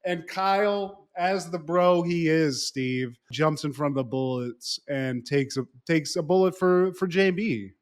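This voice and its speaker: A man co-hosting a podcast, telling a plot story in an animated, profane, casual way. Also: on the high side, measured pace, hardly any pauses. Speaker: podcast co-host. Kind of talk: casual podcast chat recapping a show.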